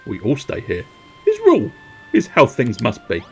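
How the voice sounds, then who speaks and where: Sad, dutiful game character with halting speech, pitch swinging upward, as a streamer reads him. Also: male voice, huge pitch swings, a little hiss or hum. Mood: mournful. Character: mournful male game character, resigned, dutiful.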